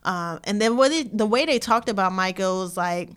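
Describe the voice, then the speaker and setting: A woman co-hosting a casual podcast, recounting something she watched in a loose, rambling flow. Her talk is slangy and animated, with a mid-range voice. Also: medium pitch, normal speed, smooth. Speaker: podcast co-host. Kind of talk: casual chat.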